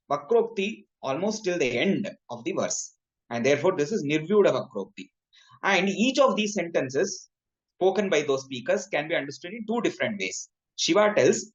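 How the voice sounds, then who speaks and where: A man with a fairly high voice gives a lecture, reading out verse lines and then explaining each one. The recording sounds muffled and lo-fi. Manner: explanatory, recites Sanskrit verses then translates. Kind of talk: academic lecture with slides.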